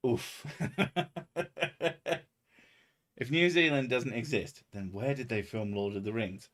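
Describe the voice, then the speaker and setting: A man's voice: mid-range voice, lively intonation, unhurried, long pauses, a bit bright. A man chatting casually on a livestream, rambling and sardonic, with heavy swearing. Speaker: streamer.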